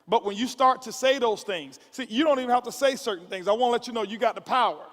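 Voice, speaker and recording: A man with a high, light voice speaks to a crowded conference hall, his words ringing with long reverb. He repeats himself in quick restarts and builds his points like a preacher. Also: a bit bright. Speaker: motivational speaker. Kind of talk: motivational speech to a conference audience.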